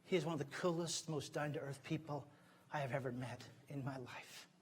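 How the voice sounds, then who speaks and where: A man's voice: on the high side, fairly even intonation, normal speed, slightly rough. Heartfelt middle-aged male guest preacher. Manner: heartfelt, swings from loud to hushed. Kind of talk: sermon. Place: church sanctuary.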